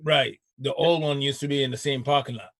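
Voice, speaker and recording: A man's voice: medium pitch, steady tone, brisk, no echo. A man hosting a casual chat show, laid-back and slangy, laughing often. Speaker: show host.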